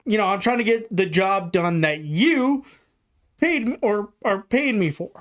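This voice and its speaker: A woman co-hosting a podcast at an ordinary mid pitch. She talks bluntly and swears heavily as she vents in casual conversation. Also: lively intonation, unhurried. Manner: blunt, profane ranting. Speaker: podcast co-host. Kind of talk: casual chat.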